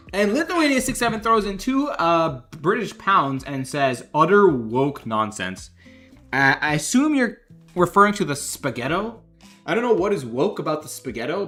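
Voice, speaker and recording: A game developer streaming live judges fan art, chatting, joking, laughing often, and reading donation messages aloud. His voice is fairly high-pitched, pushed, and bright.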